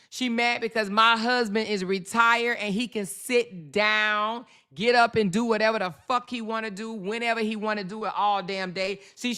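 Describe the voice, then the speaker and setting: Woman host ranting on camera; blunt, cursing, mocking, with a bright, clean tone. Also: on the high side, clear, resonant tone. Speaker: vlogger host. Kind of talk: casual ranting commentary.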